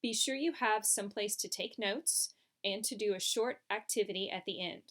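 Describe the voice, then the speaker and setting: A woman's voice: medium pitch, moderate pace, fairly bright tone. A woman teaching a French lesson, explaining patiently step by step over slides. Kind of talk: recorded classroom lesson.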